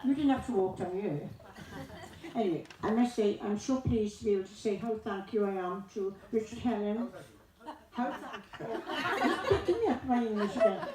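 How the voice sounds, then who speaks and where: A woman's voice: a little high, a little mellow. A woman thanking funders at a community event, chatty and laughing through joking asides. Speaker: music club organiser giving thanks. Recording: echoey hall from far off.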